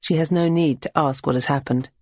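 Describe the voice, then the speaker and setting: A woman narrating an audiobook in a measured, even reading. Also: low-pitched, no echo. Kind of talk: scripted narration.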